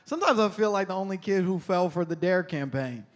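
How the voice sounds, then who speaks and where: A man's voice: high voice, expressive, a little fast. A young man doing stand-up comedy in a wry, chatty way, chuckling at his own lines on a stage mic. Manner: wry, conversational, laughs at his own jokes. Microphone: handheld stage mic.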